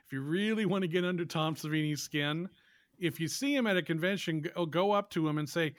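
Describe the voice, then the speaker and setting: A man with a fairly high voice co-hosts a loose podcast conversation. He talks with eager enthusiasm, laughs often, and swears in passing. The recording is dry and close to the mic. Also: a little fast, dry recording. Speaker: podcast co-host. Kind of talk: casual chat, storytelling.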